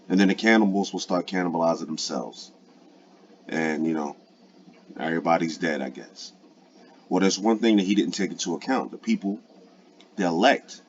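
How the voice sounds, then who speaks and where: A man's voice: low-pitched, darkish tone, muffled recording, a little hiss or hum. A man preaching in a loose, profane, conversational way, full of fillers. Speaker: online preacher. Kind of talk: casual streetwise preaching commentary.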